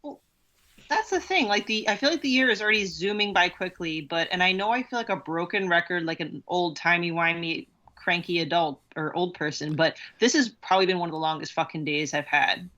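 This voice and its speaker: A woman's voice: fairly low pitch, brisk, sharp tone, dull audio. A woman co-hosting a casual podcast, blunt and wry, swearing freely as she talks. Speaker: podcast co-host, writer. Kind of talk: casual late-night podcast chat.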